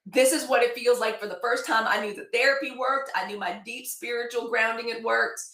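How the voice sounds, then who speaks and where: A woman in her forties, brisk and a bit bright with a slightly high voice and fairly even intonation, hosts a daily live news show. It plays like a casual livestream chat, full of tangents and thank-yous to viewers by name, in an echoey room.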